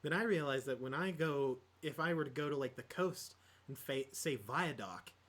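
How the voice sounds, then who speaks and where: A man's voice: fairly high pitch, moderate pace, fairly bright tone. Guy rambling on a gaming podcast, um-ing and restarting constantly. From Midwest United States. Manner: rambling, many fillers and restarts. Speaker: podcast co-host. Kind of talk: casual chat about tabletop gaming.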